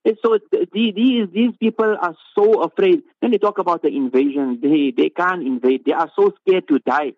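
A man delivers an impassioned religious talk, pressing his points with rhetorical questions and repeated phrases. His voice sits high. It comes through a narrow, phone-like line with a dry, close sound. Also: normal speed, few pauses, no echo. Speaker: Islamic scholar giving a talk.

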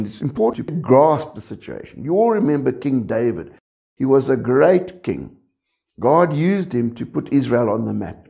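A man's voice: medium pitch, gravelly, warm tone. A man preaching a sermon, talking conversationally and often checking in with the congregation.

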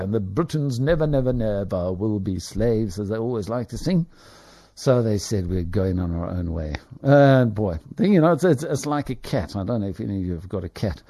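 A man hosting a business radio show, rambling and digressive, with many fillers and animated asides. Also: medium pitch.

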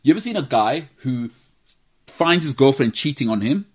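A South African man hosting a casual football podcast, animated and joking as he tells stories. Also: medium pitch, normal speed, husky. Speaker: podcast host.

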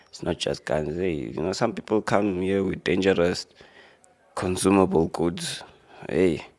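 Deep-voiced laid-back man. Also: a little mellow. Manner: laid-back, rambling, joking asides with fillers. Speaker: radio show host. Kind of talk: casual commentary on a news article.

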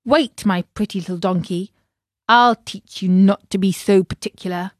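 A woman's voice: mid-range voice, moderate pace, no room sound, clean studio sound, close to an everyday voice. A woman voicing an angry, bullying circus owner who talks in a harsh, scolding way.

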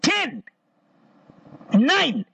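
A man's voice: very high voice, extremely slow, gravelly, background noise. A man hosting a live call-in quiz on the radio, playful and affectionate, repeating himself as he talks. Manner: animated, playful and affectionate, with lots of repetition. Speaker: radio quiz show host.

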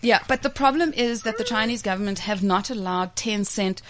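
A woman's voice: medium pitch, moderate pace. A woman co-hosting a casual radio talk on markets, chatty and laughing often as she explains. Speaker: market commentator co-host.

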